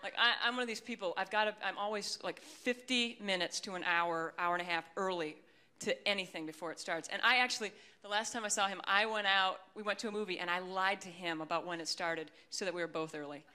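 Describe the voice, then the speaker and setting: A woman's voice: medium pitch, fairly even intonation, quick pace, hardly any pauses, bright, forceful tone. A woman comedian doing a stand-up set, self-deprecating and rambling, with dry asides. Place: comedy stage before a live audience.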